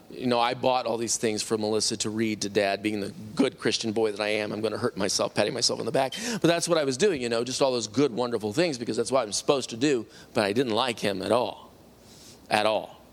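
A middle-aged man telling a personal faith testimony, animated and acting out the people he quotes. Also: medium pitch. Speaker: testimony speaker.

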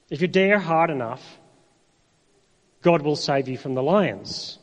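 A middle-aged man from Ireland, preaching a sermon in a conversational way, with rhetorical questions and dramatic pauses. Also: on the high side, expressive, dull audio. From Northern Ireland. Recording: long hall reverb.

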